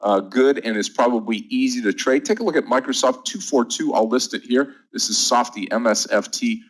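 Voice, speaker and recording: A man's voice: medium pitch, brisk, low-quality recording. A man hosting a live day-trading room, running through market numbers and greeting viewers by name in an upbeat, chatty way.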